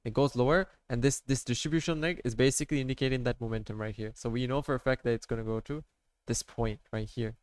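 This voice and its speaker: A man's voice: mid-range voice, steady tone, fast, clear, resonant tone, dry recording. Rambling casual man explaining trades. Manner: rambling, full of "like" and "right?", talking to viewers. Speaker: amateur trader showing his charts. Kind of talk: casual screen-share tutorial.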